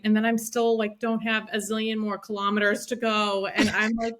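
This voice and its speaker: Animated woman telling a story. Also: fairly high pitch, normal speed, few pauses. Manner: animated, swears freely, acts out her own quotes. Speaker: podcast guest. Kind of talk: casual storytelling.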